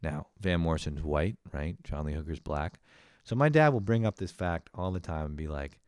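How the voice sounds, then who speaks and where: Comedy podcast host, male, deep-voiced, casual rambling monologue full of swearing. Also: expressive, normal speed, darkish tone, dry recording, studio quality. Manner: rambling, profane, laughing at his own stories.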